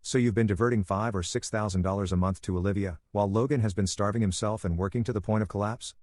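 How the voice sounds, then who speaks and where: A man voicing a stern middle-aged father who presses with sharp questions, read in a steady narrating voice. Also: lowish voice, quick pace, no echo, clean studio sound, lightly acted. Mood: stern, angry.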